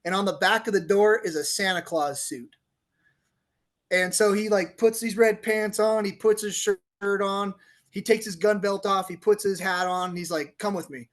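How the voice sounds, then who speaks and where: A middle-aged man, a police officer turned author, telling a story on a podcast in a lively, laughing way and acting out the quotes. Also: high-pitched, normal speed. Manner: animated storyteller, laughs often, acts out quotes. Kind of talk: casual storytelling interview.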